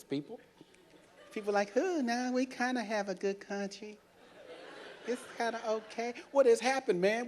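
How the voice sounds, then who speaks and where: A man working as a cruise director, doing stand-up comedy on a ship's stage and teasing the crowd loudly. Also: extremely high pitch, a little hiss or hum. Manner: loud, teasing crowd banter. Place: cruise ship theater.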